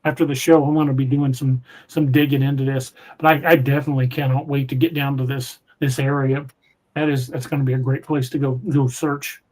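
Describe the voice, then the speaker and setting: A man hosting a podcast, reading viewer comments aloud in a relaxed, chatty way. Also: mid-range voice, fairly quick. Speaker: podcast host reading live chat. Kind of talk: casual live-stream chat.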